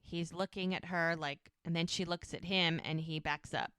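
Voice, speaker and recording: Smooth-voiced woman recapping a show. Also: on the low side, normal speed, no echo, clean studio sound. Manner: retells scenes with quoted lines, animated. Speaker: podcast co-host. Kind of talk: casual recap chat.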